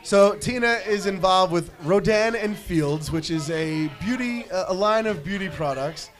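A man's voice: high-pitched, animated, unhurried. A man hosting a rowdy live show, teasing his guests with crude jokes and frequent laughter. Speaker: show host. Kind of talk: bantering live show chat.

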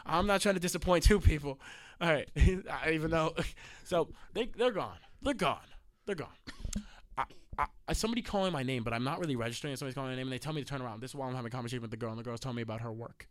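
A man with a slightly sick, raspy voice, casually telling a rambling, laughing, profane story on a studio podcast. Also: medium pitch, rapid-fire, fairly bright tone. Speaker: podcast host.

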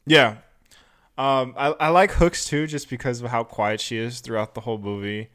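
Young man, podcast co-host, casual movie talk, smooth clear voice, rambling, mid pitch. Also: steady tone, moderate pace, fairly bright tone. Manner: rambling, acts out quotes in funny voices. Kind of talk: casual movie review chat.

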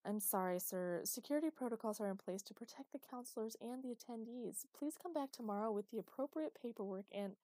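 A woman's voice: fairly high pitch, fairly quick, few pauses, dark tone, dry recording, pitched above the performer's own voice, lightly acted. Brief: official phone voice, courteous but immovable, read by a woman. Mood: formal, stiff. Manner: formal, scripted politeness. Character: polite but stonewalling female camp receptionist.

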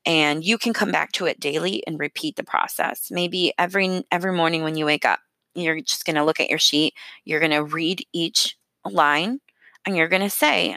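A woman's voice: low-pitched, fairly even intonation, normal speed, sharp tone, no echo. A woman in her thirties, a mother, talking candidly through a personal healing practice, earnest and self-deprecating with small restarts. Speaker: self-help speaker. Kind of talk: personal advice talk.

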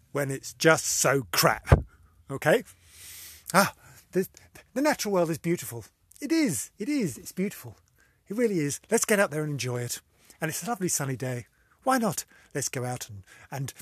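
Giggly, rambling man with a husky voice. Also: on the high side, fairly bright tone, no echo, clean studio sound. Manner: rambling, easily distracted, giggly; theatrical, exclamatory delivery. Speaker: podcast host. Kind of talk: casual solo podcast chat.

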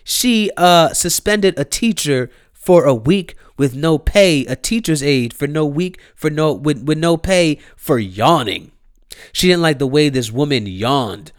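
Brief: man, comic news-rant vlogger, animated and incredulous, smooth clear voice, slightly high, dry close sound. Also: unhurried, no echo. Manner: animated, incredulous, laughs often, slangy. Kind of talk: comedic weekly news rant.

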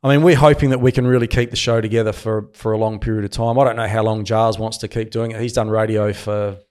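A man's voice: on the low side, quick pace, clean tone. A man in his early fifties with an Australian accent, a former cricketer turned commentator, chatting casually as a guest and laughing at his own stories. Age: 50s. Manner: relaxed storyteller, laughs at himself. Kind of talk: casual interview chat.

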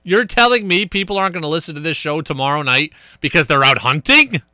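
A young man hosting a sports radio show from a studio, talking in a casual, energetic and emphatic way. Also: a little high, fast talker, smooth, no echo. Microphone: studio microphone.

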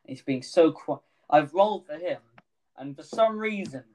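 A man's voice: on the high side, animated, moderate pace, a little mellow, low-quality recording. A man narrating as game master of a tabletop game, rambling and often correcting himself mid-sentence.

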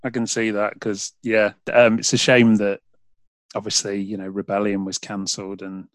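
Hesitant British man, low voice. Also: flat delivery, normal speed, no echo. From United Kingdom. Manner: rambling, hesitant, many fillers and restarts. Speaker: podcast host. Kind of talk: casual chat.

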